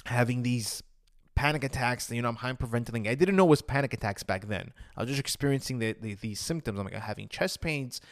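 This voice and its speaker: A man's voice: medium pitch, fast, no echo, clean studio sound. Earnest man telling a personal story. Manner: earnest, emotional, acts out his past thoughts with "I'm like". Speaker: vlogger sharing his personal story.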